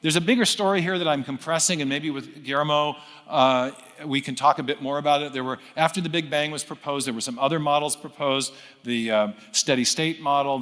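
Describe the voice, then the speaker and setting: Man, lecture storyteller, slightly high voice, restarts often, long reverb of a big hall. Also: fairly bright tone. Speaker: speaker. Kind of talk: unscripted lecture.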